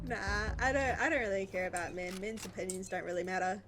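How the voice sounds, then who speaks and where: A woman's voice: medium pitch, fast talker, over music. A woman trading sassy, blunt jokes in game voice chat. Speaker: gamer in voice chat.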